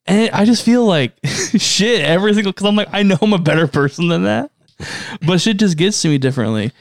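A man's voice: high-pitched, expressive, a little fast, dry recording. Casting note: young American guy, casual co-host, cursing and laughing, dry close sound. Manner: profane, joking, laughs often. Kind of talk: casual chat.

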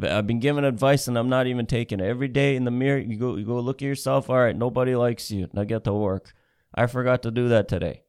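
Profane man ranting off the cuff. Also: medium pitch. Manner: blunt, profane, repeats words and restarts. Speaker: show host. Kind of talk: casual rant.

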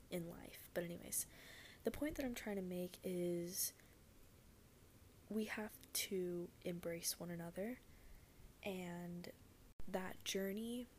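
A woman talks through a casual solo podcast from her bed in a lowish voice with a lot of gravelly fry. She rambles earnestly, leaning on "like" and "you know", and swears now and then. A faint hiss sits under her voice. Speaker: podcast host.

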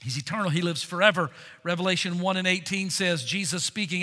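A man, a pastor, preaching a sermon with a confessional, self-deprecating tone, swinging between loud emphatic bursts and hushed low phrases. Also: fairly quick, in a large hall.

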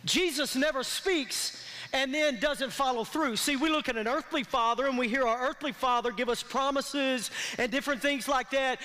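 A pastor with a high, bright voice preaches a sermon in a church sanctuary, leading call-and-response with the congregation. The recording carries the long reverb of a large hall.

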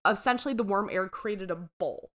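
A woman co-hosting a podcast chats casually in a medium-pitched, slightly bright voice, speaking a little fast. She talks loosely, uses lots of fillers and laughs often.

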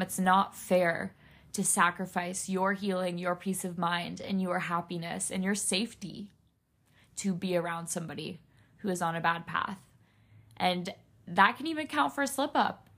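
A young woman hosting a solo podcast, speaking earnestly and emotionally straight to her listeners, near tears. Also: mid-range voice. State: tearful. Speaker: podcast host.

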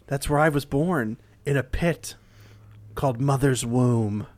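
A man's voice: mid-range voice, unhurried, a little mellow, no echo. A man in a casual podcast chat, jokey and sarcastic, trading playful remarks. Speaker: podcast co-host.

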